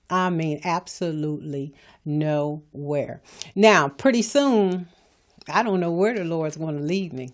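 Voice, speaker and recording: A middle-aged woman hosting a motivational podcast, talking in an emphatic, preachy way and repeating her points. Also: sits low. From California. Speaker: podcast host. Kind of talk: motivational talk.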